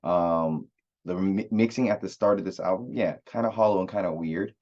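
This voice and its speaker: A man's voice: sits low, normal speed, darkish tone, dull audio. A man giving a loose, rambling spoken review of an album as a music reviewer, with many fillers and restarts.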